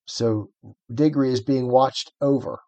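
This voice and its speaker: Middle-aged male co-host, reflective and hesitant, mid-pitched, dry. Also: steady tone, measured pace, warm tone, dry recording, dull audio. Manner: reflective, hesitant, with many restarts. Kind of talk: book reading and discussion.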